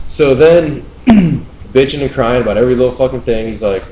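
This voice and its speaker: A man co-hosting a podcast, telling a story in casual chat with animated, profane ranting. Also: medium pitch, fast, noisy background. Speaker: podcast co-host. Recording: roomy room sound.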